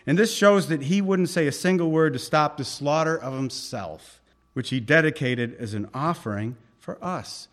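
A man preaching a conversational sermon, reading scripture aloud with force and dropping into soft asides. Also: on the high side. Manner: animated, swings between loud reading and soft asides.

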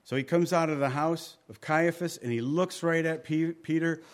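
A pastor teaching through scripture in a conversational sermon, repeating key phrases for emphasis and dropping to a quiet voice at the ends of phrases. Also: male voice, on the high side, moderate pace.

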